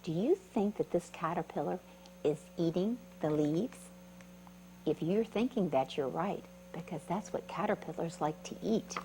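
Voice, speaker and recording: Storytime reader: woman, very lively voice, keeps asking the kids questions, faint hum underneath. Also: fairly low pitch, measured pace, poor audio. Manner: animated, asks the listeners questions. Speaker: storyteller reading to children. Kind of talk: children's storytime read-aloud.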